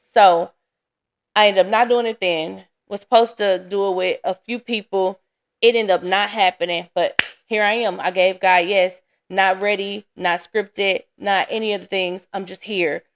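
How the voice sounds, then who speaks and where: A woman hosting a casual solo podcast, chatty and candid, sounding tired and laughing often. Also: mid-range voice. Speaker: podcast host. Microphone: camera.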